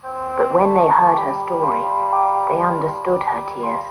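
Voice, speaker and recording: Woman storyteller, slow, lively pitch, gentle, faint music behind. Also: rough recording. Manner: gentle, expressive. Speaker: narrator. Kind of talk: storybook narration.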